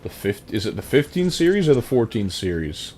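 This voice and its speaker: A man's voice: medium pitch, big pitch swings, fairly quick, a little mellow, slight background noise. A man streaming a game, chatting casually and rambling as he reads and answers his chat.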